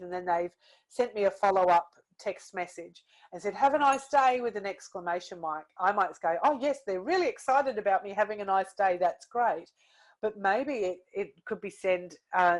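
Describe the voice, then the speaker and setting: A woman's voice: on the low side, darkish tone, rough recording. A middle-aged woman with a British accent giving a casual webinar talk, speaking on a computer mic and using many "you know" fillers. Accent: British English. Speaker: webinar presenter on workplace wellbeing.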